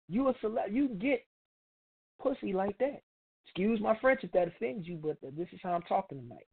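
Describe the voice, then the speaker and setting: Blunt profane man on a tinny line. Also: high-pitched. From Chicago, United States. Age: middle-aged. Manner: blunt, profane, street slang. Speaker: radio show host. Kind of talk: opinionated monologue.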